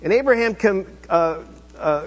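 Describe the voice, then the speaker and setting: A man's voice: high-pitched, expressive, normal speed. A male pastor giving a sermon in a church, speaking conversationally and asking the listeners rhetorical questions. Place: church sanctuary. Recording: echoey hall reverb.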